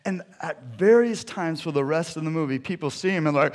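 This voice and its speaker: A man preaching a sermon, retelling stories with lively energy and then dropping to soft, hushed appeals. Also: fairly high pitch, a little fast. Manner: animated storytelling that drops to soft, hushed appeals. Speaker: pastor.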